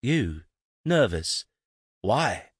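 A man's voice: lowish voice, very animated, drawn-out words, slightly rough, no echo, studio quality, voice pushed up, full character voice. A man voicing a shy, nervous young man who speaks hesitantly and in a hurry.

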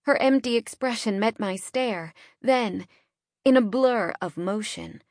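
A woman's voice: on the high side, a little slow, no room sound. A woman narrating a first-person audiobook in a tense, dramatic style, recorded close in a studio. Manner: tense, dramatic storytelling with hushed drops. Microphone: close studio mic.

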